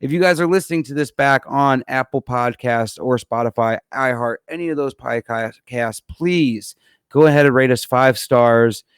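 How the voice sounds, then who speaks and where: Hosting a live-streamed music podcast, a relaxed man talks in a loose, friendly, informal way, rambling a little and calling people "man" and "dude." His ordinary-pitched voice moves at a moderate pace. Recorded on a computer live-stream setup, it sounds clean, dry and close, with no room around it.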